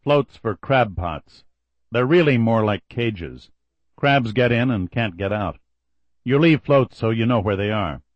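A man's voice: on the low side, lively intonation, a little slow, dry recording, dull audio. A man playing a laid-back ex-Navy sailor who explains things in an easygoing, wry way. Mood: explaining.

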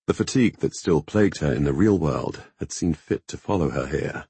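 Brief: male audiobook narrator, deepest of voices, dry close sound, steady. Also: moderate pace, breathy edge, no echo. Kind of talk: scripted fantasy narration.

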